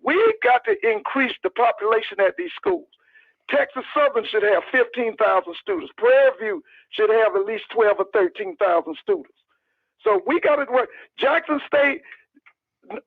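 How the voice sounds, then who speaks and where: A man's voice: sits high, lively intonation, normal speed, no room sound. A male caller giving emphatic, repetitive commentary over the phone. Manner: emphatic, repeats points insistently. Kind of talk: call-in radio commentary. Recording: tinny phone line.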